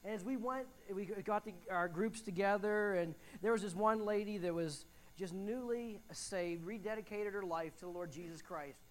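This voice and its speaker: A man with a fairly high voice shares a testimony about his church. He speaks haltingly, stopping and restarting as he goes. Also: rough recording. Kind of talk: testimony sharing.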